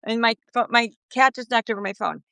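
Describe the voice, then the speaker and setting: A middle-aged woman talking as a guest in a casual interview, lively and quick, laughing between thoughts. Her voice is bright and a little high. The phone sound is dry and close. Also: vocal fry, no echo. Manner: animated, quick, laughing asides. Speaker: podcast guest.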